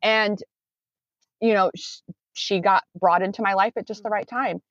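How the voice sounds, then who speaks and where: A woman with a medium-pitched, steady voice talks at a normal speed in a conversational interview. She's a coach who works with clients, and she meanders, corrects herself, and comes across as earnest. The recording is dry, with a dull lo-fi sound.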